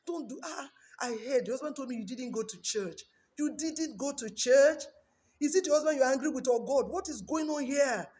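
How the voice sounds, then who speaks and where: A woman's voice: high-pitched, expressive, normal speed, a little mellow, voice pushed up. Woman putting on a stern scolding pastor. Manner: reproachful, interrogating. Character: stern scolding male pastor, middle-aged.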